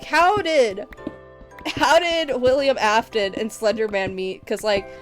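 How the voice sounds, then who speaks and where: A woman streaming a game, chatting casually with viewers in a rambling, goofy, giggly way. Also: on the high side. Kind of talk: casual live-stream chat while gaming.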